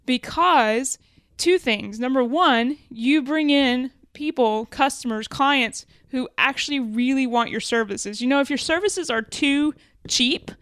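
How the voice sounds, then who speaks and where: A woman's voice: high-pitched, measured pace, fairly bright tone, clear, resonant tone, no room sound. A woman, originally from Alabama, talking through business lessons on her podcast in a conversational way, thinking aloud and correcting her wording as she goes. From Alabama, USA. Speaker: podcast co-host.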